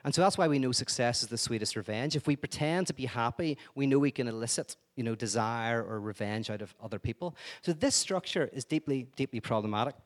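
A man giving an energetic, digressive lecture-style talk, full of wry asides and restarts. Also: mid-range voice.

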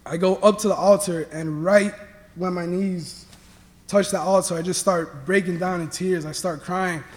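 A young man from Miami giving an earnest personal faith testimony, halting with many restarts. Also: sits high, fairly even intonation, big-room sound. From Miami, Florida. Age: young adult. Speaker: student athlete sharing testimony.

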